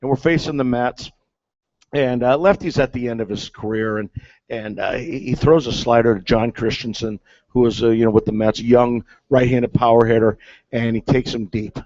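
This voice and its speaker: The former big-league catcher speaks in a steady, darkish mid-range voice at normal speed while telling a story as a guest. He rambles with many fillers and restarts, recorded with dull, dry, lo-fi sound and no echo.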